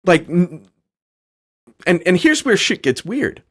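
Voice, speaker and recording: A New York man hosts a podcast, speaking slowly in a high voice with big swings in pitch. He rambles casually through a long story, filling his talk with "like."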